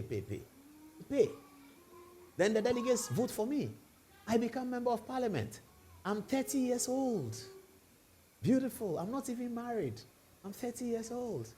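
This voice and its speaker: A Ghanaian man delivers a live evening TV monologue from a studio, building what-if stories in the first person and tossing rhetorical questions at viewers. His voice sits high for a man. His pitch leaps and dips with lively animation. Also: a little hiss or hum. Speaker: TV show host.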